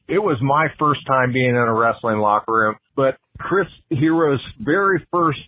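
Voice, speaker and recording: A man telling a relaxed, amused anecdote as a caller. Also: mid-range voice, breathy edge, no room sound. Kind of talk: storytelling anecdote. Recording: dry, tinny phone line.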